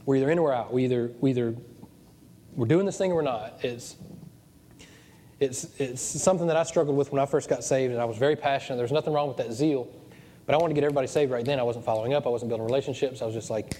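A man's voice: medium pitch, quick pace, dark tone, a little hiss or hum. A man preaching a sermon as pastor of his church, joking and digressive as he goes. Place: church hall. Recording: long church reverb.

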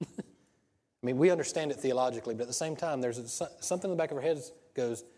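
A man's voice: mid-range voice, quick pace, mellow, in a large hall. A pastor preaching a sermon in a conversational way, asking rhetorical questions and restarting his sentences.

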